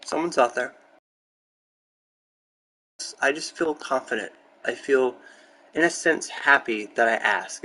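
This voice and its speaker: Young male streamer, candid and excitable, rambles through stories in a medium voice; close mic with light background noise. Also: mid-range voice, fairly quick, vocal fry, pauses often, poor audio. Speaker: gaming streamer. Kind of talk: casual chat while building in a game. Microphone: close desk mic.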